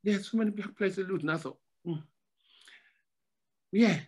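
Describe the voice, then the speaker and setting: An older man from Nigeria, a former footballer, telling stories as a podcast guest in a relaxed chat, often repeating his phrases. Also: sits high, moderate pace, husky. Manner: repeats phrases, animated storytelling. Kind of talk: casual storytelling interview.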